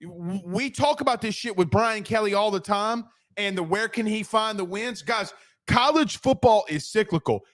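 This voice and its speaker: A man hosting a postgame sports talk show, ranting in a brash, profane, rapid-fire way. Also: high voice, a bit bright. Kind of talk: fired-up postgame sports rant.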